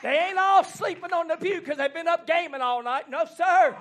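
A man preaching a fiery revival sermon, shouting in rhythmic repeated phrases and calling out to the congregation. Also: very high voice, normal speed, a faint crowd, slight background noise. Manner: shouting, rhythmic repetition, call-and-response exhortation. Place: church banquet hall.

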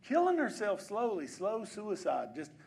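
A fairly high-voiced preacher, moving from soft, chatty asides to ringing calls to his church. A congregation answers him from the pews. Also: huge pitch swings, measured pace, creaky. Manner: swings from quiet conversational asides to loud exhortations. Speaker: pastor. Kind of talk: sermon. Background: congregation responding.

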